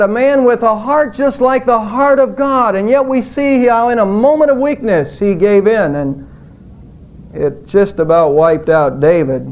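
A male pastor preaching a sermon in an earnest, emphatic way, his voice rising on quoted words. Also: high-pitched. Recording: tinny phone-like audio.

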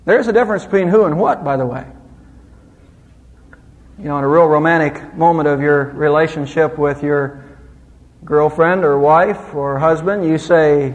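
A man preaching an expository sermon, with lively, rising and falling emphasis. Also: on the high side, unhurried, pauses often, big-room sound. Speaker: pastor.

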